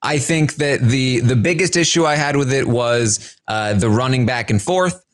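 A man co-hosting a casual reality-show recap podcast, chatty and quick to laugh. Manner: animated, swings pitch widely, laughs often.

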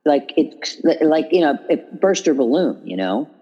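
A woman hosting a casual podcast chat about caregiving, animated and full of restarts and fillers. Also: low voice, normal speed, slightly rough, muffled recording. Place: New York.

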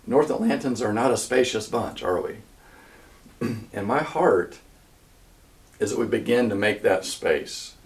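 Low-voiced man giving a sermon. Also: darkish tone. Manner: earnest, conversational, with frequent restarts. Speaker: church minister. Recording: voice a bit distant from mic.

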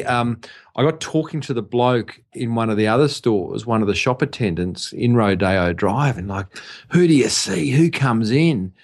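A man with an Australian accent, co-hosting a business podcast in casual chat, telling stories and laughing often. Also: medium pitch. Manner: chatty storyteller, laughs often. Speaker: podcast co-host.

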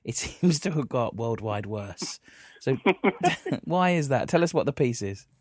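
A man's voice: mid-range voice, expressive, measured pace, a little mellow, dry recording, clean studio sound. A man hosting a live podcast interview, rambling, jokey and often correcting himself. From based in Liverpool. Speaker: podcast host.

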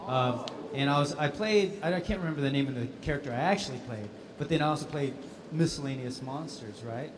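A male voice actor, a guest on a convention panel, shares stories during a relaxed Q&A, laughing a lot as he animates them. He has a mid-range voice and a fairly quick pace, with background noise present.

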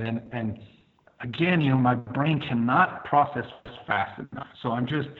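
A man's voice: medium pitch, moderate pace. A firefighter guest telling his story vividly, step by step, with many fillers. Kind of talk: first-person storytelling. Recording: tinny phone-like line.

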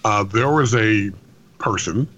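A man who works as a lawyer telling a story on a podcast in a wry, measured way, now and then swearing and laughing. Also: fairly low pitch, fairly bright tone, dull audio. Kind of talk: casual storytelling chat.

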